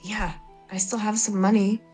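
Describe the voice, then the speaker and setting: A woman's voice: mid-range voice, level tone, a little mellow, soft background music. A woman playing a tabletop game, speaking casually and playfully, slipping in and out of her character. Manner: casual, playful, quick asides. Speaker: player.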